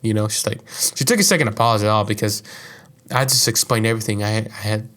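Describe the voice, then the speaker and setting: A man's voice: lowish voice, fairly even intonation, a little fast, fairly bright tone. A young man hosting a podcast, telling a personal story in a casual, rambling monologue full of profanity and fillers. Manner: profane, rambling, heavy use of "like". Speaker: podcast host.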